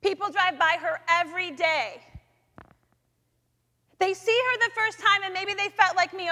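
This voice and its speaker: A woman speaking in a chapel, sharing a personal faith story with lively storytelling in which she acts out her own thoughts. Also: extremely high pitch, a little slow, pauses often. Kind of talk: personal testimony talk. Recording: long echoey hall reverb.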